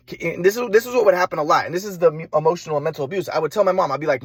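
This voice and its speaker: A man's voice: sits high, racing, husky, dry recording. A man telling his story in a casual monologue, rambling and repetitive, swearing often and restarting sentences. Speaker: vlogger.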